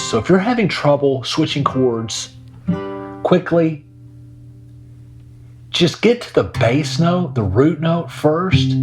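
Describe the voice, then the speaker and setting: A man teaching a casual guitar lesson in a laid-back way, talking while he plays. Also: medium pitch. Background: his own acoustic guitar playing.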